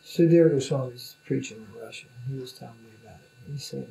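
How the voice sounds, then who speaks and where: A man's voice: mid-range voice, a little fast, gravelly, mellow, echoey room, rough recording. A man who is a spiritual teacher, talking informally in loose, rambling speech with many fillers. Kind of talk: informal conversation.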